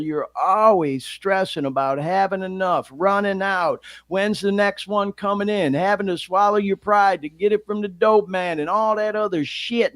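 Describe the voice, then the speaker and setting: Laughing, profane podcast host with a Detroit accent. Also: male voice, high voice, no echo, studio quality. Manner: profane, laughs often, expressive swings. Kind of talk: casual podcast monologue.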